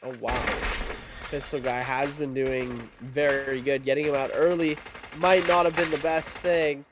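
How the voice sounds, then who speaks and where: A man casting an esports match with energetic, joking play-by-play commentary. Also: medium pitch, measured pace, background noise. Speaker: esports caster.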